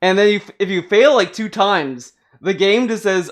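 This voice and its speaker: A man's voice: sits high, normal speed, hardly any pauses. A man hosting a casual podcast, chatting about games in a rambling way full of fillers and restarts. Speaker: podcast host.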